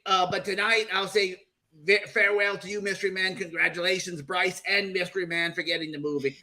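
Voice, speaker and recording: A man's voice: high-pitched, flat delivery, brisk, pushed and bright. A man putting on a boastful, hammy character host who talks in a showy, rambling, folksy way. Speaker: segment host. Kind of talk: comic character bit on a livestream chat show.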